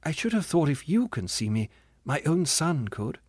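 A bitter, grieving ghost of a woman, as a male narrator puts her on, raised well above his own low voice. Her lines come out sharp, impatient and reproachful, swinging widely in pitch. The storybook reading sounds dry and close. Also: big pitch swings, moderate pace, breathy edge, no room sound. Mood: disappointed, fierce. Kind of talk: audiobook character reading.

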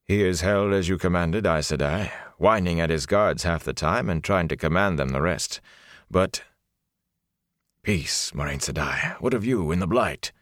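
A man's voice: sits low, normal speed, no room sound, clean studio sound, close to an everyday voice. A man voicing a proud, grave lord of a border fortress in an audiobook, speaking formally and earnestly.

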